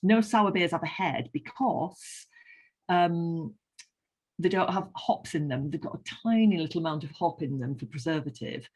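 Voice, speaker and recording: A woman with a Northern English accent, a beer writer chatting casually and explaining with lively enthusiasm. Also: lowish voice, normal speed, slightly rough. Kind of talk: casual chat.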